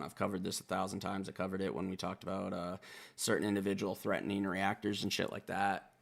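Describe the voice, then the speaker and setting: Gravelly low-voiced man reacting to music. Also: brisk. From Wisconsin. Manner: blunt and profane, excitable, talks in bursts. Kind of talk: casual reaction commentary.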